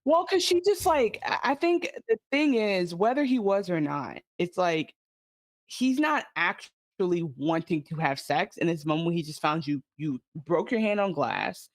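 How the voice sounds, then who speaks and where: Una mujer que co-presenta un pódcast, comentando un episodio en charla informal y animada, con muchas muletillas y palabrotas. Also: female voice, lowish voice, moderate pace, no room sound. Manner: animated, many fillers, swearing. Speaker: podcast co-host. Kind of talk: casual recap chat.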